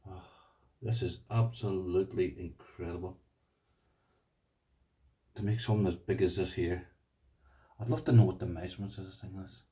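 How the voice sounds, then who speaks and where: A deep-voiced Irish man with a warm, mellow tone chats on his vlog, gushing over and over and calling his viewers "boys". His voice sits a little back from the mic, so it sounds somewhat distant. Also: steady tone, normal speed, long pauses. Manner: gushing, repeats himself, addresses viewers as "boys". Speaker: lockpicking vlogger. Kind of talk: casual excited unboxing chat.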